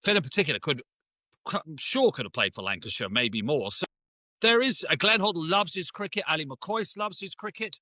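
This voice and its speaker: A man in his fifties chats as a podcast guest, swinging his pitch up and down as he tells anecdotes and acts out the lines of people he quotes. His voice is bright, forceful and a little high. The sound is dry and close, with no room in it. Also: brisk, no echo. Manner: animated storyteller, acts out quoted exchanges. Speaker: sports presenter, guest. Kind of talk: casual podcast chat.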